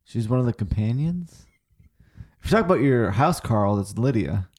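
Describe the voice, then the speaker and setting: A man's voice: medium pitch, expressive, normal speed, a little mellow. A tipsy man co-hosting a casual podcast chat, rambling and swearing freely as he talks about games. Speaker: podcast co-host.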